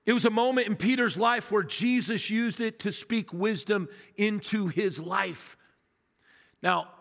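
A man's voice: high voice, a bit bright. A man delivering a sermon to a congregation, in a conversational and emphatic manner with rhetorical questions. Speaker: guest preacher. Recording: long hall reverb.

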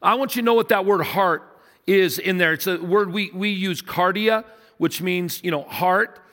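A middle-aged man preaching a sermon as a pastor, earnest, moving from loud to hushed. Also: sits high, moderate pace. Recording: long hall reverb.

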